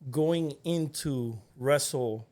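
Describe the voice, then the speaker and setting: A man's voice: fairly high pitch, extremely slow, mellow. A man hosting a casual interview, joking often and breaking in with Spanish slang. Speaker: podcast host.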